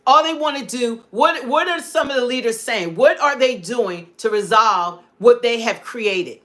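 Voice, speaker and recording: Lady ranting on her livestream, kinda high voice, hammers the same point over and over. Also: measured pace, few pauses, fairly bright tone. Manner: emphatic, repetitive, preachy. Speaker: livestream host. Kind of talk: political commentary livestream.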